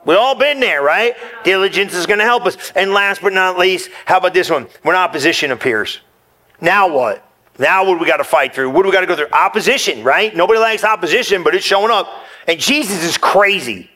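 A man preaching with a high, bright and keen voice. He is animated and casual, throws in slang, and talks straight to his listeners in a sermon. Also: fairly quick. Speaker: pastor.

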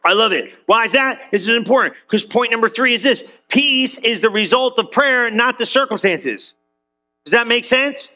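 A man preaching in church with a high, bright, ringing voice. He talks to the congregation like a friend, full of slang and quick jokes. The whole sermon stays lively and conversational. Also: soft background music. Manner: animated, slangy and joking with the congregation. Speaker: pastor.

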